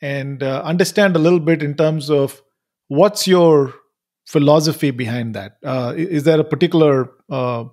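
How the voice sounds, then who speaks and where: A man's voice: fairly high pitch, moderate pace, a little mellow. A man hosting an interview podcast, speaking casually with frequent restarts and affirmations. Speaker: podcast host.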